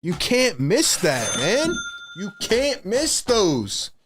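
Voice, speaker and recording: A man hosting a fan livestream, calling play-by-play in excitable, frustrated, slangy talk. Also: high voice, extremely slow, background noise. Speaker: host and play-by-play commentator.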